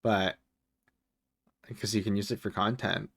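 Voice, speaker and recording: A man with a low, gravelly voice talks casually on a live stream from home, rambling between topics and swearing freely. His voice is recorded dry and close, with no room sound around it. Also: steady tone, measured pace, fairly bright tone, dry recording. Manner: rambling, profane, chuckles often. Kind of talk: casual livestream chat.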